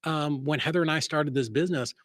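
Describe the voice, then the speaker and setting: A man speaking as a guest in a casual interview, blunt and self-assured, acting out quoted voices with sudden jumps in pitch. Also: quick pace, dry recording. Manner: energetic, acts out quoted voices with sharp rises. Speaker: real estate investor and guest.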